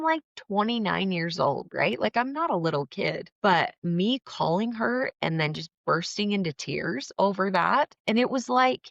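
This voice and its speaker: A woman guest on a podcast, telling a personal story in an animated, emotional way and acting out the quotes. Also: mid-range voice, creaky, dry recording, lo-fi sound.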